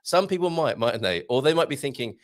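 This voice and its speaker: A man hosting a live online show, rambling excitably to viewers and reading the chat. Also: mid-range voice, a little fast. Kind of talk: casual live-stream chat.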